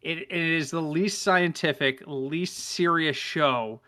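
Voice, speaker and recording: A man's voice: fairly high pitch, takes it slowly, bright, forceful tone. A man co-hosting a casual sports podcast, telling stories animatedly and laughing as he goes. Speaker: podcast co-host.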